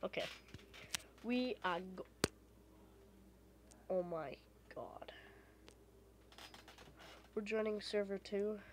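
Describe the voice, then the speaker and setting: A woman commenting on her own gameplay in an unhurried, drawn-out way, swinging between loud exclamations and muttered complaints. The recording carries a noticeable layer of background noise. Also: medium pitch. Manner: frustrated, exclaiming, muttering under breath. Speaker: gamer.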